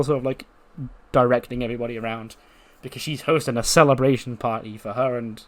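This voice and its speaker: A man casually narrating a wrestling sim storyline in a rambling way, full of fillers. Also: mid-range voice. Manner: rambling, full of fillers, laughs now and then. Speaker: game let's-play host.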